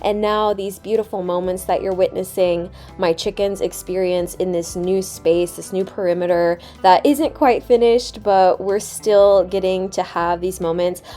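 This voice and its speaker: A woman's voice: fairly low pitch, steady tone, unhurried, few pauses, dark tone, soft background music. A young woman hosting a vlog, giving a tender, emotional voiceover with a gushing, heartfelt manner. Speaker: vlog host. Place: voiceover recorded separately from footage.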